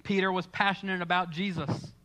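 A man's voice: high-pitched, flat delivery, brisk, sharp tone. A man preaching a sermon in church, telling the story with dramatic, acted-out lines. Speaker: pastor.

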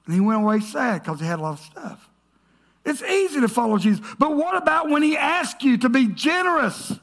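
A male pastor preaching a sermon to his congregation. He is emphatic, rises to shouts, then drops to a hush. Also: very high-pitched, very animated, brisk, vocal fry. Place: church stage before a congregation.

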